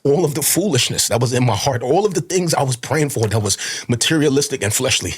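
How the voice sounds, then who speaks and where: Husky, rapid-fire middle-aged pastor, preacherly repetition. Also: male voice, medium pitch, lively intonation. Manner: fervent, repetitive, preacherly cadence. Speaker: pastor and podcast guest. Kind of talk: impassioned conversational preaching.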